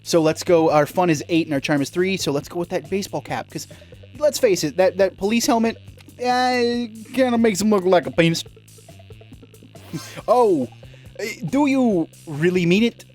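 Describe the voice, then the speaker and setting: A woman's voice: fairly low pitch, brisk, a little mellow, faint music behind. A woman hosting a let's play, who talks casually and jokes about the game. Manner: joking, casual, chatty. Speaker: gaming video host.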